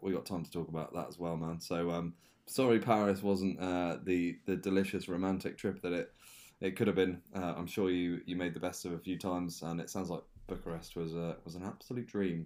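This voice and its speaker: A man co-hosting a podcast, speaking in a supportive, reflective way. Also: low voice. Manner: supportive listener, reflective and encouraging. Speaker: podcast co-host. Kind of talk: casual chat.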